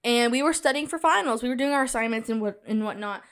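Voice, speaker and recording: A young adult woman hosts a casual solo podcast, talking fast and animatedly straight to her listeners. Her voice is high, and she breaks into a loud, cackling laugh.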